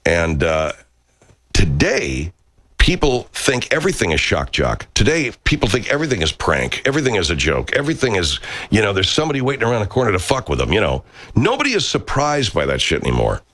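A middle-aged man, a radio talk show host, chatting casually and answering viewer comments in a rambling, profane, animated way. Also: on the low side, a little fast, dry recording.

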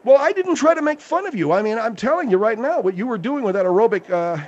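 A man's voice: very high-pitched, lively intonation, quick pace, darkish tone. A man hosting a comic radio talk show, blunt, bossy and exasperated. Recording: dull lo-fi radio recording.

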